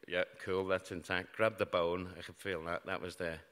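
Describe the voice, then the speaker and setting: This middle-aged man from Britain performs as a stage storyteller, sharing a true account of grim happenings with a live crowd and laughing at himself wryly along the way. He has a low, slightly bright voice, a flat delivery and a moderate pace, with a British English accent. Recorded in a large hall before the audience, the audio has a long reverb.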